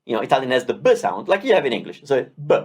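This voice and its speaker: A language teacher giving a beginner lesson, drilling syllables slowly and encouraging learners. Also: medium pitch, big pitch swings, husky.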